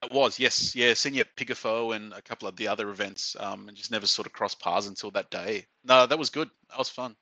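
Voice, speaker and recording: A man in casual chat tells animated stories and slips into other people's voices. His tone is bright and forward. The recording is dry and close. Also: fairly low pitch, quick pace, hardly any pauses, no room sound. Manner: animated storyteller, acts out quotes.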